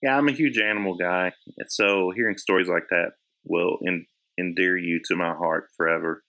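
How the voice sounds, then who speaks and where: A man talking as a podcast guest in a relaxed, easygoing way. His voice sits somewhat low, and he laughs easily between thoughts. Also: moderate pace, highs cut off. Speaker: guest, editor and publisher. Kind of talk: casual chat.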